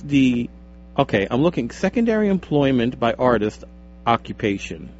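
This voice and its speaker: A man's voice: medium pitch, very animated, moderate pace, a little mellow, lo-fi sound, a little hiss or hum. Teasing, stammering male radio co-host. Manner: joking, teasing, stammering restarts. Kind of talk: casual radio banter. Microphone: studio microphone with headphones.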